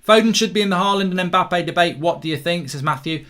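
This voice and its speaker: A man hosting a live football watchalong, reacting excitably to the play and reading out viewer comments. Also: high-pitched, quick pace. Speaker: host.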